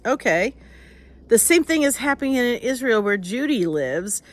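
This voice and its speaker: A woman's voice: on the high side, sing-song, normal speed. An older woman, an author, with a nasal voice, chatting casually on a live stream, rambling and greeting viewers by name.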